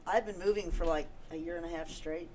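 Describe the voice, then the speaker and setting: A woman musician as a guest, talking in a low-key, halting way. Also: fairly even intonation, darkish tone, slight background noise, poor audio. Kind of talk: casual chat.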